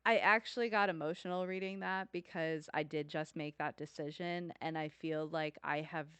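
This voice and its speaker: A woman co-hosting a casual podcast, talking in an earnest, chatty way. Her voice sits a little low and sounds smooth and clear. The recording is dry and close. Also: fairly even intonation, normal speed, a bit bright, dry recording. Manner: chatty, laughs often, earnest. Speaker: podcast co-host.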